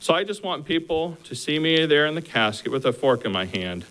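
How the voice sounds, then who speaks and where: A calm, hopeful young woman facing death, as a preacher puts her on in his sermon. She speaks earnestly, with a voice lifted a little above his own. She tells her story as gentle encouragement. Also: fairly high pitch, a little fast, clean tone, voice pushed up, rough recording.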